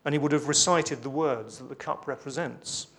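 A man's voice: mid-range voice, moderate pace, fairly bright tone. A man preaching a sermon, reading scripture aloud with emphasis between conversational asides with light humour.

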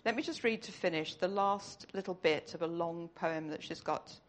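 A woman's voice: fairly low pitch, normal speed. A woman giving an earnest, conversational sermon in church. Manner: earnest, conversational, tearful at the close. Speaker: church speaker.

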